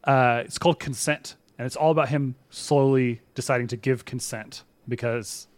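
A man's voice: mid-range voice, steady tone, normal speed, no room sound. A man co-hosting a podcast, chatting casually and laughing often as he reviews a web series. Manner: laughs often, rambling and playful. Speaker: podcast co-host.

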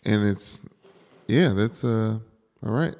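A man with a raspy voice co-hosting a podcast in laid-back, halting casual chat. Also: fairly low pitch, darkish tone, long reverb tail. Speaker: podcast co-host.

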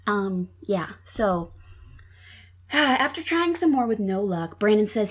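A woman's voice: medium pitch, very animated, slow. A woman telling a true crime story in casual chat, with lots of ums and likes. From Minnesota. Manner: chatty, many ums and likes. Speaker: podcast guest telling a true crime case.

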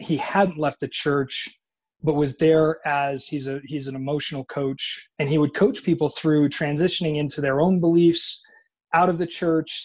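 A man from Utah, a podcast guest telling personal stories in casual chat, acting out the voices of people he quotes, with frequent restarts and swearing. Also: a little high.

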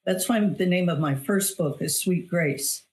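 On an interview show, a middle-aged author and weight loss coach tells her personal story in a voice on the low side, a little slow and a little mellow. She's earnest and emphatic, repeating phrases to give them weight.

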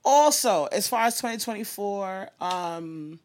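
A woman hosting a podcast, venting in casual chat with blunt, profane and animated talk. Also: mid-range voice, measured pace, a little hiss or hum. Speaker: podcast host.

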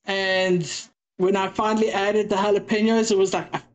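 A woman's voice: medium pitch, level tone, normal speed, lo-fi sound. Chatty South African woman. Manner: chatty storyteller, acts out exchanges with quoted voices. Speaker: podcast guest. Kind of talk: casual interview chat.

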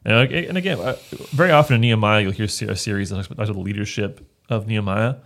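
Male pastor, low voice, earnest scripture chat, reads verses aloud with frequent restarts. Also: very fast, gravelly, a bit bright. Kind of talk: casual Bible discussion.

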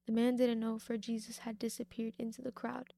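A woman's voice: fairly high pitch, completely flat delivery, a little fast, creaky, warm tone, no room sound. A young woman giving a devotional talk, reading a Bible story and then reflecting on it in an informal way, repeating key points for emphasis. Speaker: faith speaker.

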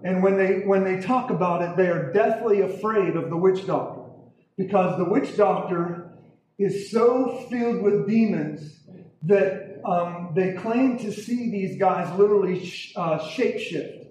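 Emphatic male preacher, high voice, echoey hall, distant mic, faint hiss. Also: unhurried, darkish tone. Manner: emphatic, repeats words, asks audience "okay?". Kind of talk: sermon testimony storytelling.

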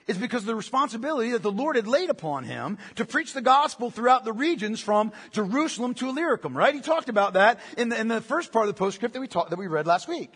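A man's voice: very high voice, very animated, fast talker, hardly any pauses, a bit bright, husky, in a large hall. A male pastor preaching a sermon, talking conversationally and often tagging lines with "right?". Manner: conversational, frequent "right?" asides. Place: church sanctuary.

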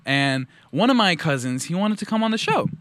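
A man hosting a casual comedy podcast, giving quick, loose introductions. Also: sits high, big pitch swings, fairly bright tone, no room sound. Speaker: podcast host.

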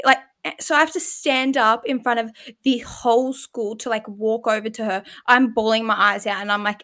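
A woman's voice: fairly high pitch, normal speed, bright, forceful tone. A woman, co-hosting a podcast and telling stories in a chatty way with frequent laughs. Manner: chatty storyteller, laughs often. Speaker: podcast co-host. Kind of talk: casual chat.

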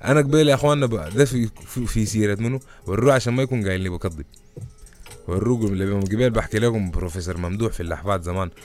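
A man's voice: on the low side, darkish tone. A young man hosting a casual livestream chat, slangy and loose, switching languages mid-sentence. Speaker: host.

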